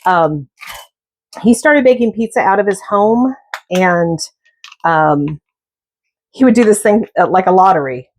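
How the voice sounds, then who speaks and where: Speaking at a measured pace with long pauses, a middle-aged woman with a medium-pitched, lively voice tells jokey stories and chats casually as she cooks for her vlog.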